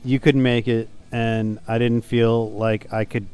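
A man in his thirties hosting a podcast, telling stories in a relaxed, chatty way with laughs. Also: mid-range voice, a little slow, smooth, soft background music. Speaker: podcast host. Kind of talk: casual chat.

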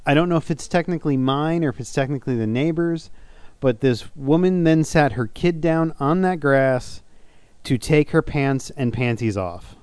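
A man in his thirties hosting a podcast, telling stories in a relaxed, chatty way with laughs. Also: fairly high pitch, moderate pace, clear, resonant tone, dry recording. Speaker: podcast host. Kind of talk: casual chat.

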